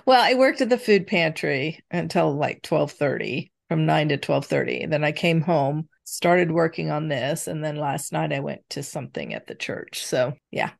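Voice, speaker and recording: A middle-aged woman, co-hosting a casual podcast chat with her daughter, affectionate and quick to laugh. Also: sits low, expressive, gravelly. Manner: affectionate, chatty, laughs often. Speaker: podcast co-host.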